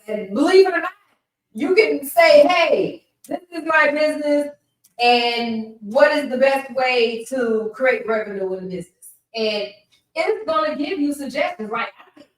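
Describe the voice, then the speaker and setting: A chatty woman hosts a podcast and teaches in a loose, conversational way. She repeats herself and often asks her listeners "right?" Her voice sounds distant from the microphone in a very echoey room. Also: mid-range voice. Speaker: podcast host teaching business tips. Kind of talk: casual instructional talk.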